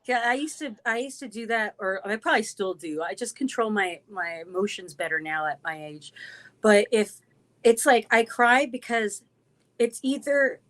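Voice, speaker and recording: A woman's voice: medium pitch, moderate pace, fairly bright tone. A woman hosting an interview, teasing her guests and laughing often. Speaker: interview host. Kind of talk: casual interview chat.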